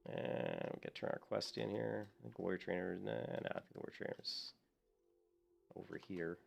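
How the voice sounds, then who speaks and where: A man's voice: low-pitched, brisk, vocal fry, slightly rough, soft background music. A man streaming a video game, chatting casually to his viewers in a rambling, self-mocking way with frequent chuckles. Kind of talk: casual gameplay commentary.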